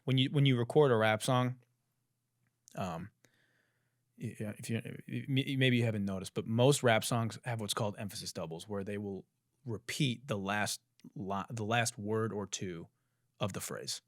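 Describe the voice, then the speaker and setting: A man's voice: fairly low pitch, normal speed, no room sound, studio quality. A man hosting a podcast, riffing sarcastically on a song, swearing and mocking. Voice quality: musician. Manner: sarcastic, swearing, animated mockery. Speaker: podcast host. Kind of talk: comedic commentary.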